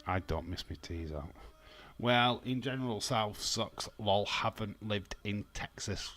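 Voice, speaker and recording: With a fairly low, fairly bright voice and a slightly slow delivery, a Yorkshire-accented wrestling watch-along streamer chats casually with his audience. He goes through their comments, trades banter, rambles on, and swears occasionally.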